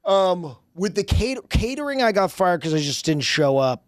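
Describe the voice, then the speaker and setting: A fairly high-voiced man in his thirties spins an animated story as a podcast guest. He swears casually and talks with a comedian's timing. The sound is close and dry, with no room around it. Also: moderate pace, no room sound. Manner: animated anecdote-telling, swears freely.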